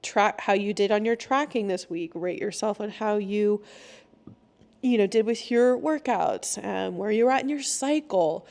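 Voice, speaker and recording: Young adult woman, podcast host, casual solo talk, chatty, laughs often, mid pitch. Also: unhurried, vocal fry, darkish tone. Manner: chatty, laughs often, acts out quoted lines in a higher voice.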